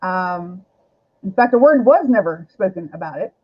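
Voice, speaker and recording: A woman's voice: on the low side, lively intonation, moderate pace, slightly rough, highs cut off. A middle-aged woman telling a candid personal story as a guest on a talk show, rambling, with many fillers.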